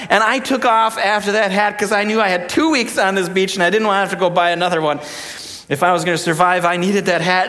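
Animated storytelling pastor, high voice, hall reverb. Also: male voice. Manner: animated storyteller, jokey, acts out quotes. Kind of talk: sermon with humorous stories.

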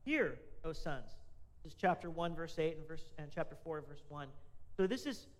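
A man's voice: on the high side, fairly even intonation, a little fast. A man, a pastor, giving a conversational sermon and asking the congregation questions.

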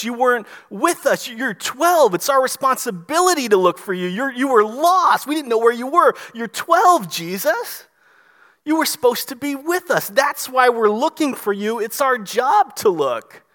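A man's voice: extremely high pitch, bright, forceful tone, pitched above the performer's own voice, exaggerated voice. A man preaching voices an exasperated mother who scolds her twelve-year-old son and keeps repeating herself.

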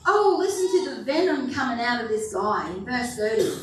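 A woman's voice: fairly high pitch, sing-song, moderate pace. A woman pastor giving a sermon to a congregation in a conversational, playful way, often putting questions to the room. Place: church hall with a congregation. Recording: very echoey hall, distant mic.

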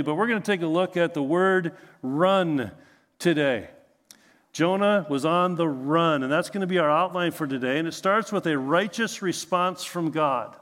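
A man's voice: fairly high pitch, a bit bright, long reverb tail. A man preaching a sermon as pastor, conversational and humorous, often asking rhetorical questions.

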